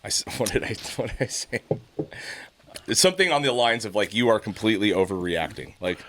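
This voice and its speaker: A middle-aged man on a podcast, telling a profane, animated story about his kids in a casual chat. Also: medium pitch, brisk, noisy background. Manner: profane, storytelling, animated when quoting others. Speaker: podcast host.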